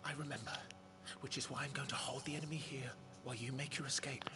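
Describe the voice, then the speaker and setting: An actor playing an earnest young knight and dutiful elder son who speaks solemnly and sometimes in a hush. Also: male voice, mid-range voice, fairly even intonation, fast talker, slight background noise, close to an everyday voice. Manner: solemn, dutiful, hushed at times. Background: game music.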